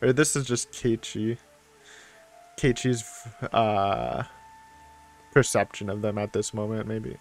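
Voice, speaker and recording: A man's voice: on the low side, fairly even intonation, takes it slowly, long pauses, faint music behind. Rambling young man hosting a game playthrough. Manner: rambling, filler-heavy, chatty. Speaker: let's-play host reading a visual novel. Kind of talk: casual commentary with read-aloud passages.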